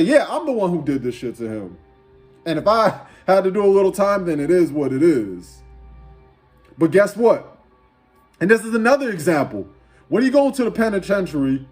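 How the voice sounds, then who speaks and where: A man's voice: high voice, darkish tone. A man giving a profane, preachy rant, repeating rhetorical questions over and over. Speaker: commentator. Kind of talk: ranting commentary over an instrumental beat.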